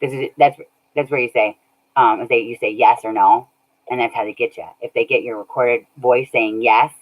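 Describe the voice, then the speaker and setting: A woman's voice: rumbling low, steady tone, normal speed. A woman chatting casually on a livestream, laughing often and thanking viewers by name. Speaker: streamer reading chat. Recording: dull lo-fi audio.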